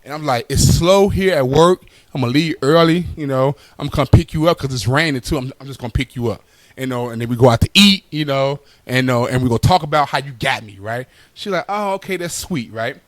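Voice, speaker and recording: A young adult man telling a stand-up story in loose, casual talk full of fillers, animated and laughing at his own jokes. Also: mid-range voice, fairly quick, dry recording. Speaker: stand-up comedian.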